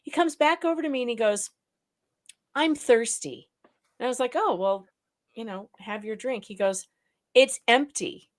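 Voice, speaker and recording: A woman co-hosting a casual live talk show, telling lively anecdotes and acting out what others said. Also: a little high, brisk. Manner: animated storyteller, acts out quotes. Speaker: co-host. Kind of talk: casual chat.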